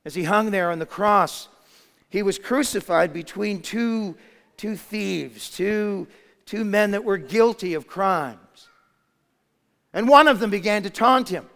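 A man delivering a dramatic sermon, his voice pitched high for a man. He moves between soft, hushed phrases and sudden shouted ones. The sound rings out with a long hall reverb. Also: animated, measured pace. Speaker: preacher. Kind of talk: sermon storytelling.

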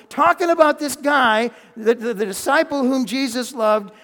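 A male pastor preaching a sermon, animated, with loud exclamations and hushed quiet lines. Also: extremely high pitch, a little slow, few pauses, in a large hall.

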